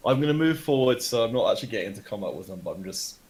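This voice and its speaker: A man's voice: fairly low pitch, expressive, very fast. A man playing a tabletop game, hesitant and full of ums, with a playful streak. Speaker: player. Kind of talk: casual tabletop play.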